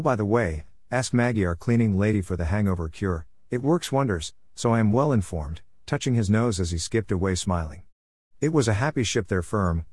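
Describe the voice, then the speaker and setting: A man's voice: lowish voice, a little mellow, no room sound, studio quality. A man narrating a story for a podcast with wry, humorous asides.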